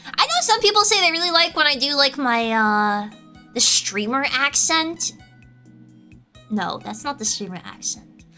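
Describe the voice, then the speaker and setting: A young woman streamer chatting loudly with her chat, nearly yelling every word and often giggling. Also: high-pitched, expressive, unhurried, soft background music. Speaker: VTuber streamer. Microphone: headset.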